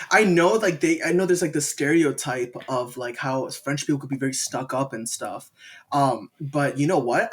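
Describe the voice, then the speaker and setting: A young American man, a podcast guest, telling travel stories in casual, rambling chat full of slang. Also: on the high side. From United States. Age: young adult. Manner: rambling, animated storytelling with slang.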